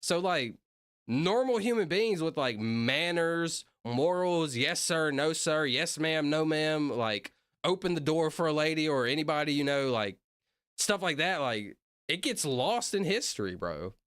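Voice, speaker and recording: A man rambles through casual reaction commentary and breaks into sudden excited yelps. His fairly high voice swings widely in pitch. The sound is dry and close. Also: a little slow, clean tone, dry recording. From Southern United States. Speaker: streamer reacting to videos.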